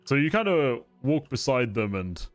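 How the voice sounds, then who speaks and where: Expressive male game master narrating. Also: mid-range voice, normal speed, faint music behind. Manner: descriptive, storytelling, expressive.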